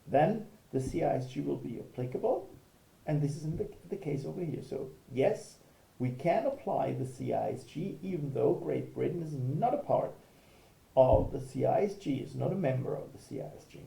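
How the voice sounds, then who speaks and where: A man's voice: medium pitch, animated, moderate pace, creaky, dark tone, roomy sound, rough recording. A man, a law professor giving a recorded video lecture, explaining step by step and checking in with "okay".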